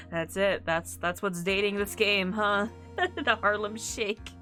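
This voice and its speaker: A woman's voice: medium pitch, bright, forceful tone. A woman streaming a video game playthrough, chatting casually and thinking aloud between the lines she reads. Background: faint game music.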